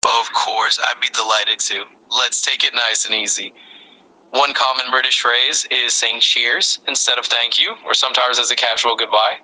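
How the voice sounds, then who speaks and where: Man, AI assistant, reassuring, upbeat, very bright tone, mid pitch. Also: fairly even intonation, moderate pace, low-quality recording. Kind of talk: conversational practice partner.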